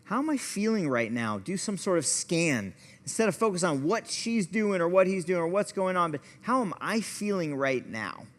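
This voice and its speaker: A man's voice: sits high, sing-song, normal speed, few pauses, in a large hall. A man, a pastor and therapist, teaching a church class in a conversational, storytelling way, often poking fun at himself. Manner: conversational, storytelling, self-deprecating. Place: church hall.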